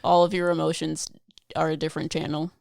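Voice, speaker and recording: A woman's voice: low-pitched, flat delivery, a little fast, creaky, a little mellow, no room sound, studio quality. A woman co-hosting a podcast, chatting casually in a playful, teasing way and cracking jokes. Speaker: podcast co-host. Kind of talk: casual chat.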